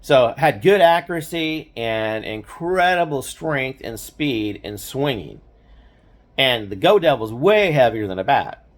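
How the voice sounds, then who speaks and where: A man's voice: mid-range voice, animated, a little slow. An older man casually reminiscing, rambling with lots of "you know" and "right?" and frequent chuckles. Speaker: storyteller.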